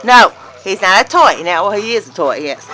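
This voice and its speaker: A woman's voice: mid-range voice, lively intonation, moderate pace, heavy background noise. A woman filming her dog at home, laughing and scolding it with short repeated commands. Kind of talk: casual home video chatter.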